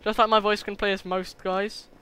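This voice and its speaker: A teenage boy chattering and joking excitedly while playing a shooter game online. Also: high voice, moderate pace, a little hiss or hum. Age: teens. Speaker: gamer. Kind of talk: casual gameplay commentary.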